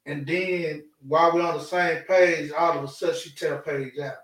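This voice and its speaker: A man's voice: a little high, steady tone, moderate pace, fairly bright tone. A man co-hosting a live talk show, explaining his views on relationships in a blunt, rambling way. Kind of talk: casual chat about relationships. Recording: roomy sound, mic at a distance.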